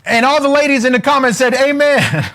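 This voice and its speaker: A man coaching on wealth during a live stream, energetic and casual, joking and preacher-like as he keeps asking viewers to comment. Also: extremely high pitch, fast talker.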